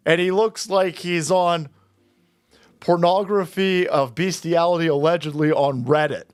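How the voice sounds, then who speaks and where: A man hosting a commentary video, ranting in a sarcastic, mocking way with loud asides. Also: fairly high pitch, unhurried, pauses often, no room sound, soft background music. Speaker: commentary channel host.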